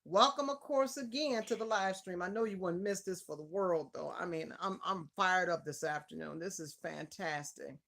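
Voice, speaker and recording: A woman hosting a casual live stream interview from home. She is effusive and warm toward her regulars, calling out viewers by name as she waits to begin. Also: lowish voice, moderate pace, creaky, hardly any pauses.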